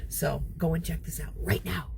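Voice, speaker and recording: Low-voiced woman vlogger, rambling and warm-hearted, noisy background. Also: steady tone, normal speed, gravelly. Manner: chatty, emotional, rambling with fillers. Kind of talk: casual vlog chat.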